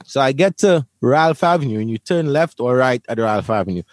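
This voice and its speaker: A man from Brooklyn recounts a personal story to an interviewer, emphatic and vivid, often repeating words. His voice sits at an ordinary middle pitch. The sound is dry and close. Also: expressive, brisk, darkish tone, no room sound. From Brooklyn, New York. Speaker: interview guest. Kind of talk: storytelling in conversation.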